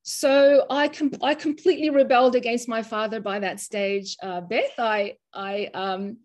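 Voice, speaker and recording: A woman in her sixties from Australia, a mental health first aid teacher, telling a personal story in an interview in an earnest, emotional, halting way. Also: on the high side, fairly even intonation, darkish tone.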